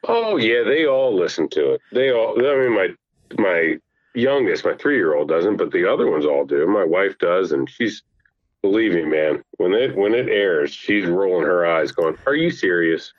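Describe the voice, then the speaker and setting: A middle-aged man calls in as a podcast guest, his fairly low voice swinging up and down as he tells family stories with easy laughter. The phone line makes him sound dull and lo-fi, and the sound is dry. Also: moderate pace, no echo. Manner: animated, laughing storyteller. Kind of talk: casual chat, telling family stories.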